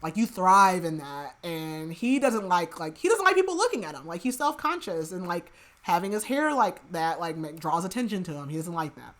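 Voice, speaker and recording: Podcast host, woman with a lowish voice, loose rambling recap, peppered with "like" and quiet joking asides. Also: very animated, normal speed, few pauses. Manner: rambling, heavy use of filler "like", chatty asides; laughs at her own remarks, drops to soft murmured asides. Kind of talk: casual book recap chat.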